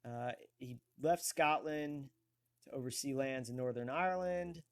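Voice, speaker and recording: A man hosting a casual online talk show, slowly thinking aloud as he looks things up on a computer. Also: mid-range voice, clear, resonant tone. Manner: slow, thinking aloud while searching. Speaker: host.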